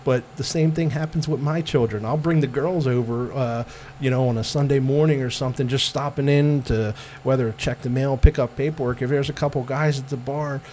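A man's voice: medium pitch, steady tone, fairly quick, hardly any pauses, warm tone, slight background noise. Rambling, laughing middle-aged man. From United States. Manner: rambling, laughs often, many fillers and restarts. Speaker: guest, Italian-American club president. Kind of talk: casual interview chat.

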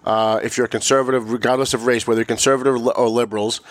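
A man's voice: mid-range voice, little pitch movement, very fast, dry recording, clean studio sound. A man hosting a political talk show, emphatic and pushing his voice up sharply when making a point. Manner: emphatic, rising to sharp mocking peaks. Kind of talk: political commentary chat.

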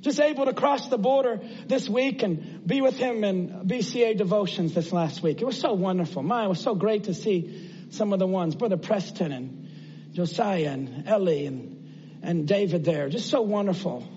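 A man's voice: sits high, animated, normal speed, mellow, lo-fi sound, slight background noise. A man preaching a sermon in an earnest, conversational way, asking his listeners rhetorical questions.

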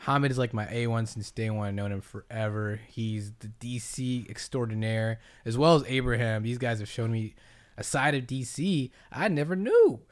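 Man, podcast host, casual, friendly, hops from topic to topic, mid-pitched voice. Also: moderate pace. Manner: friendly, jumps between topics. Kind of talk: casual chat.

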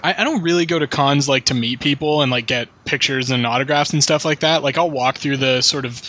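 A man's voice: medium pitch, fairly quick, sharp tone, a little hiss or hum. Laid-back swearing storyteller man. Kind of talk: casual podcast chat.

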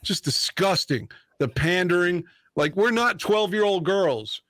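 Male podcast host, fairly high-pitched, recorded dry and close, ranting with indignant bluntness and heavy swearing. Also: expressive, measured pace, fairly bright tone, no room sound. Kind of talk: casual podcast chat.

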